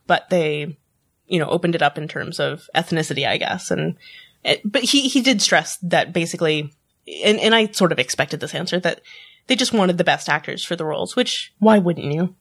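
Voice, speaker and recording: A woman's voice: fairly low pitch, normal speed, a bit bright. A woman chatting casually on a podcast, laughing often and restarting her words. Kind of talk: casual chat.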